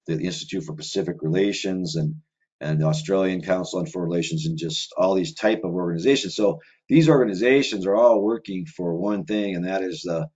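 A man's voice: low voice, darkish tone, husky. A man speaking as an interview guest in a casual, rambling way, with run-on sentences and lots of filler words. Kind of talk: casual conversational monologue.

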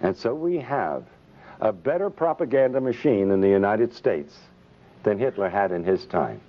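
A man's voice: fairly low pitch, animated, moderate pace. A man, a physician, giving an impassioned public speech full of indignant rhetorical questions and sarcasm. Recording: dull lo-fi recording.

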